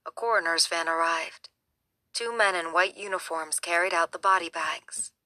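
A woman reading a novel aloud in a steady, measured storytelling manner. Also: fairly low pitch, no room sound. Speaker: audiobook narrator. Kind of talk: scripted narration.

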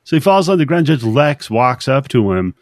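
A man's voice: medium pitch, very animated, normal speed, no echo. A man hosting a podcast, recapping a film in a rambling, joking way and acting out the characters' lines. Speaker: podcast host. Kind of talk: casual movie recap chat.

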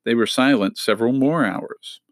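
A man reading a children's novel aloud in a steady, measured storytelling manner. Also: mid-range voice, no echo. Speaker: audiobook reader.

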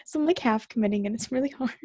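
Chatty girl in her 20s rambling at home, kinda high pitched, super dry mic. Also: racing, darkish tone, no room sound. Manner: chatty, self-deprecating, giggly. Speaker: podcast co-host. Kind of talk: casual chat. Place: home room, fan running.

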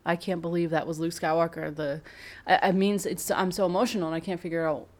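A woman giving a casual, excited fan review, rambling and emotional as she talks. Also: lowish voice, fast talker.

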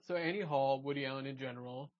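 A man hosting a casual podcast chat, leading the talk and quick to cut in and quibble. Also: mid-range voice, crowd noise. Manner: leads the discussion, quick to interject and quibble. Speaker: podcast host. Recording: dull lo-fi podcast audio.

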